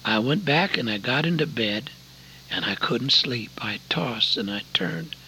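An older man from Oregon preaching a sermon, earnest and folksy, telling a story with sudden loud emphasis. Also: mid-range voice, expressive, a little slow, a little hiss or hum, rough recording. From Oregon, USA.

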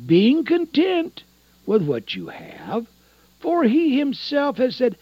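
An older man preaching a sermon, swinging between loud emphasis and hushed, low asides. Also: wildly swooping pitch, takes it slowly, breathy edge, dry recording, lo-fi sound.

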